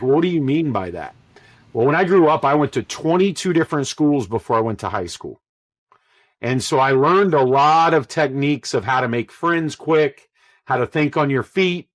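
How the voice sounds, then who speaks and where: A man in his forties, relaxed and conversational, telling his career story as a podcast guest and acting out quoted lines. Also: mid-range voice, dry recording. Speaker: podcast guest, call center executive. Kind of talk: casual storytelling interview.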